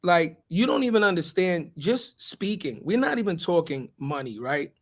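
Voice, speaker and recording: A raspy-voiced man with a notably high pitch for a man, co-hosting a podcast in casual chat. He speaks earnestly, building his points like a small sermon. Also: very animated, normal speed, fairly bright tone. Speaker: podcast co-host.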